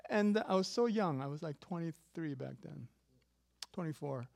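A man in his fifties preaching a sermon as pastor, animated and jokey, swinging from loud emphasis to quiet asides. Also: fairly high pitch, moderate pace, vocal fry. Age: 50s.

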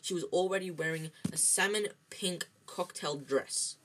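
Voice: medium pitch, a little slow, fairly bright tone, slight background noise, poor audio. A reader reading a novel aloud, slipping on words, restarting and filling with ums. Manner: reads with slips, restarts and ums. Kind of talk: amateur read-aloud of a novel.

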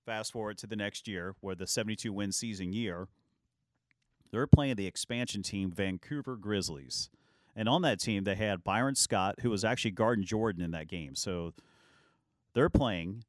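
A man hosting a sports talk show, telling lively basketball anecdotes and acting out what players said. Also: lowish voice, moderate pace, dry recording. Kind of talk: casual sports storytelling.

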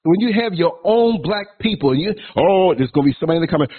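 A man's voice: high voice, very animated, fast talker, few pauses, husky. A man in his sixties hosting a podcast, delivering a blunt, provocative, preachy rant. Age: 60s. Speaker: podcast host. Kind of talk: ranting monologue. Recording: tinny phone-like line.

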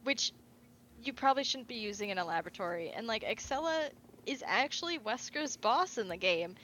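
A woman co-hosting a casual fan podcast, retelling game scenes in an animated way and quoting the characters. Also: fairly high pitch, brisk, slight background noise, rough recording. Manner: animated storytelling, quotes characters in asides. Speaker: podcast co-host.

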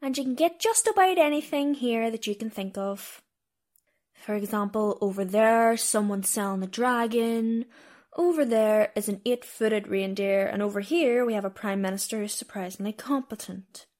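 A woman's voice: on the high side, moderate pace, darkish tone. A woman podcast host performing a comedy sketch as a tour guide, theatrical and mock-indignant.

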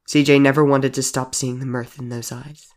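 A man narrating a storybook audio drama in a measured, deadpan way. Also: medium pitch. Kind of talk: scripted narration. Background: soft music.

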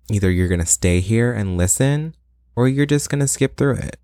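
A man's voice: lowish voice, lively intonation, normal speed, dark tone, no room sound. A young man hosting a solo podcast in a casual, rambling way, playfully boastful and full of dramatic asides. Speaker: podcast host.

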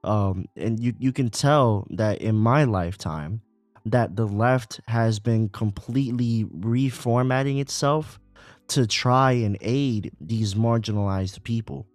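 A podcast co-host chats casually about politics in a mid-range voice, taking it slowly. He's animated and profane, full of fillers and swearing. The recording has no room sound, with soft music in the background.

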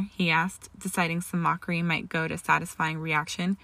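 A fan fiction reader narrates a story in a steady, measured way. Her voice is bright, a bit gravelly, and slightly low for a woman, recorded dry and close.

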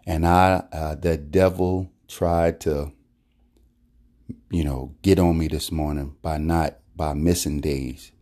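A man giving a casual devotional talk to his listeners, with a relaxed, repetitive preaching manner. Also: a bass voice, slow. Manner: casual preaching, talks to listeners as y'all, repeats words.

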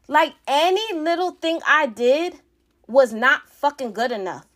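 A woman's voice: high-pitched, moderate pace, a bit bright. A woman in her thirties telling a personal family story in a heated, profane, rambling way, full of restarts. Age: 30s. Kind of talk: emotional storytime rant.

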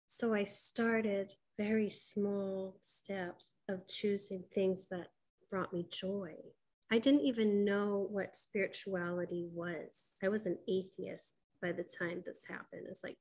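A woman's voice: mid-range voice, darkish tone, low-quality recording. Candid middle-aged woman telling her story. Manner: candid and emphatic, with frequent fillers and quoted dialogue. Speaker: personal storyteller. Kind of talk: personal spiritual storytelling.

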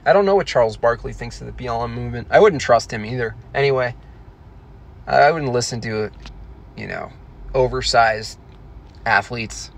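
A man talks loosely and casually, rambling from one thought to the next. He is irreverent and jokey, with an ordinary mid-pitched voice. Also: moderate pace, vocal fry, pauses often. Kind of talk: casual chat.

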